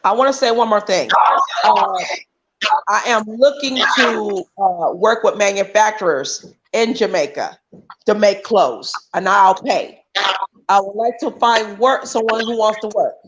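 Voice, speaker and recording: A woman's voice: medium pitch, unhurried, dull audio, noisy background. A woman talking on a livestream call as a guest, emphatic and often restarting her sentences. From United States. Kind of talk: casual chat.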